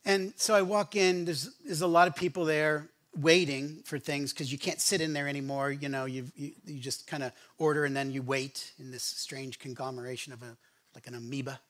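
A man preaching a sermon as pastor, telling a story in a relaxed, conversational way with frequent restarts. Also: on the high side, moderate pace. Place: church sanctuary.

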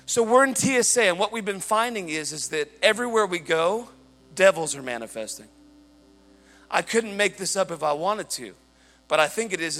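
A man preaching a sermon, telling a story in an animated way and shouting at the high points. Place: church hall. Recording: large hall reverb with faint music.

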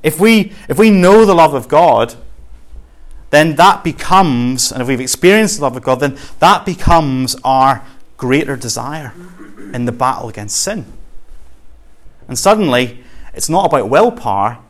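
A man's voice: mid-range voice, expressive, moderate pace. A man with a Scottish accent preaching a sermon in an earnest, conversational way, using homely examples.

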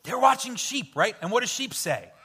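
A man leading an interactive children's Bible story in church, playful and coaxing as he cues the kids to shout sound effects. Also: very high-pitched, sing-song, fairly quick, a little hiss or hum. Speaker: children's pastor. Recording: hall reverb with faint music.

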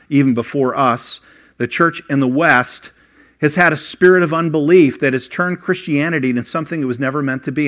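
An older man preaches from the pulpit, telling personal stories. His voice sits a little higher than most men's, climbing for emphasis and dropping low and quiet when he recounts the past. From Ohio. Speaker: pastor.

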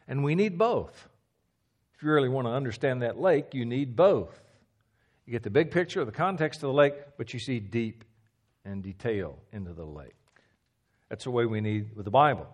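A man preaching a teaching sermon, emphatic, repeating key phrases and dropping to a low hush for stress, with a few stammers.

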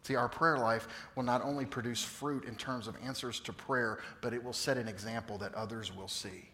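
A man in his fifties preaching a sermon, telling stories with lively swings from loud emphasis to hushed tones. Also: medium pitch, moderate pace, a little hiss or hum. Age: 50s. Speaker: pastor. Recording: long reverb of a large hall.

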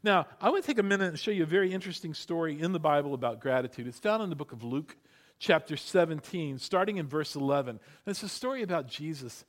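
A man preaching a sermon, animated, building up loud then dropping to hushed emphasis, and having the congregation repeat words after him. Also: a little high, fast talker. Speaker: pastor.

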